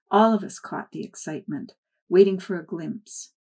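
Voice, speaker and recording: A woman reading a first-person memoir aloud in a soft, measured storytelling voice. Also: lowish voice, creaky, slightly rough. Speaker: narrator.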